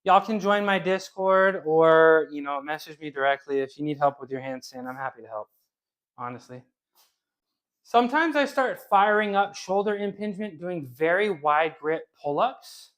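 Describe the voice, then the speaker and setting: A man's voice: fairly high pitch, animated, normal speed, fairly bright tone. A man casually coaching handstands during a live workout stream, rambling and repeating himself as he talks to chat. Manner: talks to chat while exercising. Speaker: fitness streamer.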